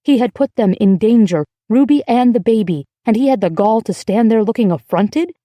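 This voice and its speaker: A woman narrating a novel as an audiobook, in a measured, steady storytelling manner. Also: on the high side, no echo, clean studio sound. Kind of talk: scripted narration.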